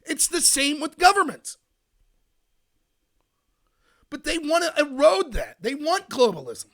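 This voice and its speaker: A man's voice: very high voice, huge pitch swings, normal speed, a bit bright. An American man hosting a political commentary show, ranting emphatically and answering his chat. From United States. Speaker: podcast host.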